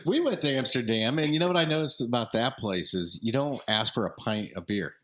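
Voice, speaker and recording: A man's voice: medium pitch, brisk. A man hosting a casual chat, joking and chiming in with his own short story. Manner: relaxed, joking, chimes in with reactions.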